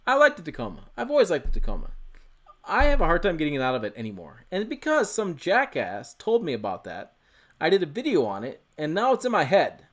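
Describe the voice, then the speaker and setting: A man's voice: on the high side, wildly swooping pitch, fairly quick, a bit bright. A man hosting a casual livestream from a home office into a desk microphone, rambling, correcting himself and swearing casually. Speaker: channel host. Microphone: desk USB microphone.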